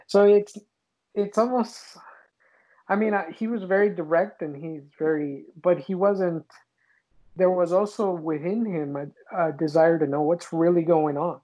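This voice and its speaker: A co-host in a casual scripture discussion, talking in an animated way and retelling stories as dialogue. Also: medium pitch, unhurried, lo-fi sound.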